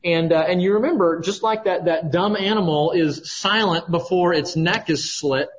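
A male preacher with a high voice teaches through a scripture passage verse by verse, pausing often to ask "right?". The recording is dull and lo-fi. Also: slight background noise. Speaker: pastor. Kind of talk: sermon.

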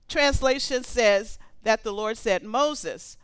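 A woman preaching a sermon, conversational and animated, reading scripture aloud between comments. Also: high voice, moderate pace, clear, resonant tone, dry recording.

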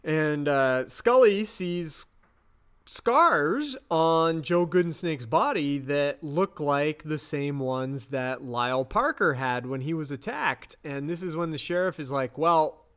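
A man's voice: fairly high pitch, slow pace, a bit bright, smooth. A man co-hosting a podcast, recapping a TV episode in a chatty, laughing way with some swearing. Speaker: podcast co-host.

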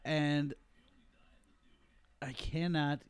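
Young guy chatting on a podcast, laid back, jokey, a bit higher voice. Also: fairly even intonation, drawn-out words, smooth. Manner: laid-back, joking, swears casually. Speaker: podcast co-host. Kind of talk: casual chat.

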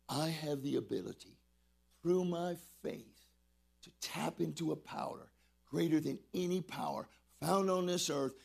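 A middle-aged man preaching a lively sermon, calling on the congregation to respond and shouting praises. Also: on the high side, creaky, husky. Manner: exuberant, call-and-response preaching. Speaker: pastor.

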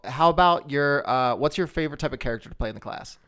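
A man's voice: a little high, quick pace, fairly bright tone, clear, resonant tone. A man hosting a casual interview as an improv teacher, easygoing and encouraging, laughing easily. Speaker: podcast host and improv teacher.

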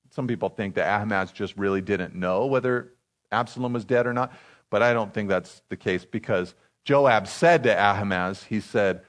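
A man with a somewhat low voice leads a verse-by-verse Bible teaching. He reads scripture aloud, then explains it in an easygoing, conversational way with casual asides. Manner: relaxed, informal asides with fillers.

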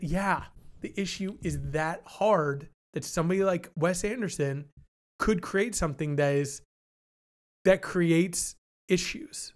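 A man co-hosting a podcast, talking things through in a thoughtful, hedging way with many restarts. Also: sits high. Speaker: podcast co-host. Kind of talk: casual discussion.

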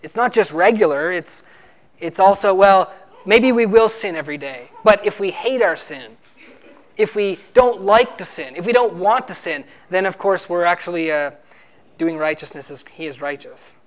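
A man's voice: sits high, moderate pace. A man preaching a sermon, arguing emphatically and teaching with rhetorical questions.

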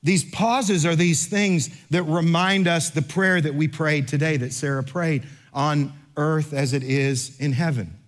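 A middle-aged pastor delivering a sermon in a fairly high voice. He moves from a brisk, animated anecdote full of mimicked voices to slow, weighty reading of scripture. His tone stays conversational and direct with the congregation. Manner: animated storyteller, acts out other voices, then slows for scripture. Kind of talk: sermon with storytelling.

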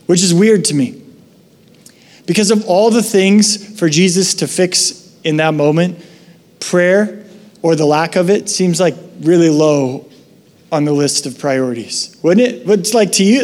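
Pastor, male, casual and animated sermon delivery, high voice, long hall reverb. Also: measured pace. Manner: conversational, animated storytelling. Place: church sanctuary.

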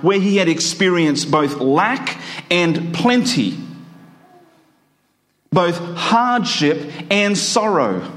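A man preaching a sermon in a church, emphatic and stretching out his phrases slowly. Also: high-pitched, very animated, a bit bright. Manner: emphatic, with slow drawn-out phrases.

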